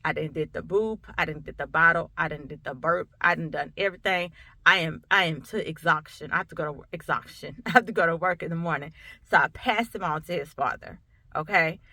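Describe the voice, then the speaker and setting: A woman's voice: low-pitched, a little fast, pushed and bright, no room sound. A woman, a coach, telling a personal story to camera in an emphatic, conversational way, often repeating herself. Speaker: coach and sickle cell awareness speaker.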